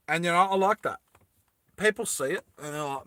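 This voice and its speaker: Talking a little fast in a high-pitched, animated voice that sounds pushed and bright, a man makes earrings live while chatting casually and playfully, with plenty of jokes and giggles.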